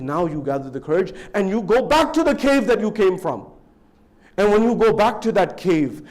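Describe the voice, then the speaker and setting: A man preaching a sermon in a fairly high, animated voice. He tells the story in waves, dropping low and quiet and then rising sharply, and he acts out the excited questions of the people in it. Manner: storytelling with sweeping rises and drops in pitch and volume; acts out dialogue in an excited raised voice. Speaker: speaker at a religious gathering.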